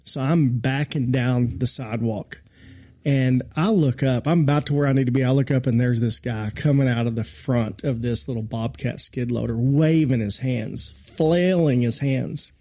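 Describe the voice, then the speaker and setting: A man who is a pastor, telling a personal story in a casual podcast chat, animated and poking fun at himself. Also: mid-range voice, moderate pace. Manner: animated, self-mocking storyteller.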